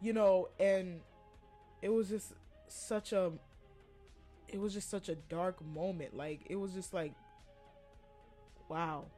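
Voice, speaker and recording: A young woman hosting a podcast, casually telling a personal story with lots of animated asides and quoted voices. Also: lowish voice, slow, long pauses, faint music behind. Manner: chatty, animated retelling with quoted voices and laughs. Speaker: podcast host.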